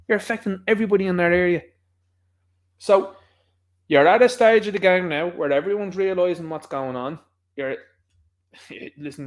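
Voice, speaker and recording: A man with a Dublin Irish accent, hosting his own channel, giving rambling, combative political commentary in an impassioned way. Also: on the high side. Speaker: channel host.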